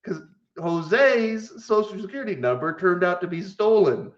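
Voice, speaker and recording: A man's voice: high voice, lively intonation, measured pace. A man co-hosting a podcast, telling stories in a rambling casual way and laughing as he goes. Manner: rambling, laughs through his stories, many fillers. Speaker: podcast co-host. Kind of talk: casual chat, storytelling. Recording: dull lo-fi audio.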